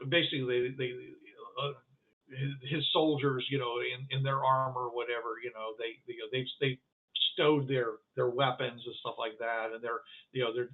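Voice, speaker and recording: A male game master narrates a tabletop scene at a mid pitch, wandering through his sentences with frequent fillers and restarts. His voice comes through a thin, phone-like line. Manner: rambling, filler-heavy narration.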